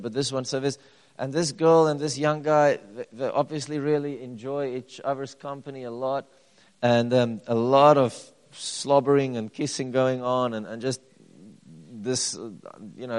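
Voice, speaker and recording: A man preaching a sermon, swinging between loud declarations and quiet personal stories. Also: mid-range voice. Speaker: pastor. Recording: long hall reverb.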